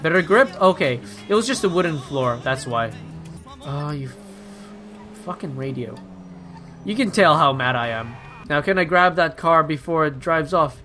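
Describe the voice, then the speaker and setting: A young man hosting casual gameplay commentary, excitable and swearing, ranting at the characters on screen. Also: on the high side, moderate pace, faint music behind. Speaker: gaming video host.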